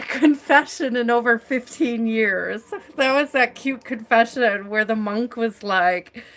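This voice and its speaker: A woman's voice: medium pitch, bright, forceful tone. A woman hosting a tarot live stream, chatting casually and effusively, laughing often and using lots of fillers.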